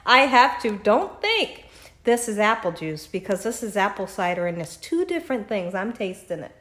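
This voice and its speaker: A woman's voice: mid-range voice, big pitch swings, normal speed, fairly bright tone, echoey room. A woman hosting a home cooking video, chatting with viewers as she tastes and pours, laughing often. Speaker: cooking channel host. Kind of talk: casual cooking demonstration. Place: home kitchen.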